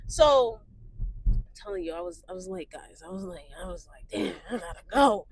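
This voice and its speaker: A woman's voice: on the low side, normal speed, slightly rough, dry recording, low-quality recording. A young woman co-hosting a casual chat, telling stories with lots of swearing and acted-out voices. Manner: animated, swears freely, acts out quoted voices. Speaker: co-host.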